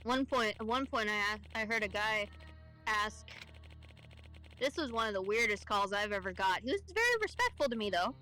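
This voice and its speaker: A woman's voice: mid-range voice, expressive, normal speed, bright, forceful tone, soft background music, rough recording. A young woman in casual chat, ranting and swearing as she tells stories about her job. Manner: profane ranting storyteller, swears often. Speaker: streamer co-host.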